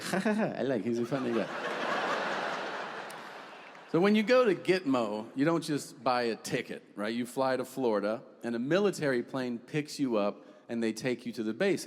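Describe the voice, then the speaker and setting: Deadpan stand-up comedian, echoey hall. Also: male voice, mid-range voice, moderate pace, few pauses. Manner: deadpan storytelling with acted quotes, profane. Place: comedy stage.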